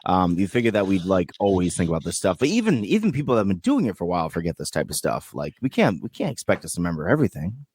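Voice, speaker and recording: A man's voice: deep voice, big pitch swings, quick pace, a little mellow, husky, no echo, clean studio sound. A man around thirty from the United States, co-hosting a podcast in loose, joking, crude banter. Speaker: podcast co-host. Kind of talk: casual chat.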